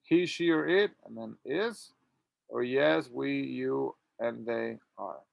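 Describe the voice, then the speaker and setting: A man teaching an English grammar lesson, reading model sentences slowly and clearly for students to repeat. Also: mid-range voice, no room sound, dull audio. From Latin America. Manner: slow, drawn-out model sentences.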